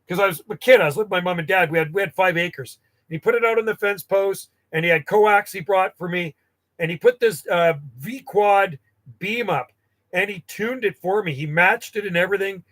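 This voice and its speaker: Man, fifties, from Canada, high-pitched, rambling, self-correcting, casual storytelling. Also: fairly bright tone. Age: 50s. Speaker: CB radio hobbyist.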